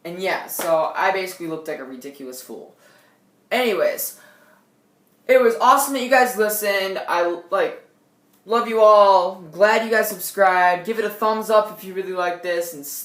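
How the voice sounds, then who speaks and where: A young woman vlogging on a tablet at home, telling a scary story in an animated way, with loud outbursts and quiet asides. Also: fairly low pitch, echoey room. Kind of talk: casual storytelling vlog. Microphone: tablet built-in mic.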